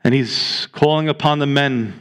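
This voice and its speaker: A man's voice: medium pitch, normal speed, fairly bright tone, clean tone. A man preaching a sermon as pastor, earnest and exhorting, reading scripture aloud to his congregation.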